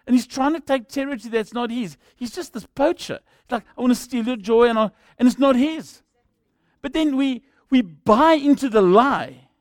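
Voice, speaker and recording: A man's voice: extremely high pitch, moderate pace, no room sound, studio quality. A man with a South African accent preaching a sermon as a jokey storyteller who acts out the people in his stories.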